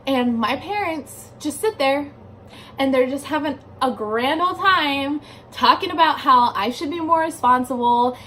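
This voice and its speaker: A woman's voice: high-pitched, sharp tone, slight background noise. A young adult woman telling a story in a casual vlog from her bedroom, chatty and filling her speech with "like", swearing casually. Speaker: vlogger.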